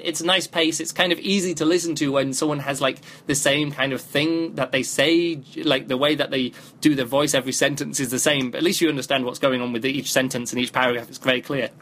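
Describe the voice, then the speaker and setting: A man's voice: a little high, brisk, hardly any pauses, fairly bright tone. A man hosting a podcast, giving a casual spoken review of a book, thinking aloud with many restarts, recorded on a phone.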